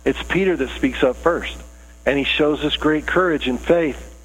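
A man's voice: fairly high pitch, normal speed, slightly rough, poor audio. A man preaching a conversational sermon, earnest and casual with rising emphasis. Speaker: pastor.

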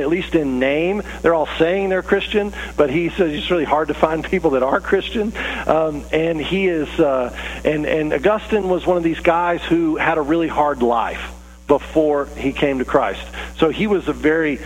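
Man, pastor, conversational sermon, storytelling, long reverb, faint mains hum. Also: on the high side. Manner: conversational storytelling, with fillers and restarts.

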